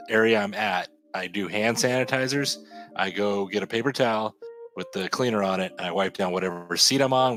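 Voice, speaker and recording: Male podcast co-host, low voice, emphatic rambler, casual, faint music bed. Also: fairly bright tone. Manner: rambling, emphatic, self-repeating. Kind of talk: casual chat. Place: home studio.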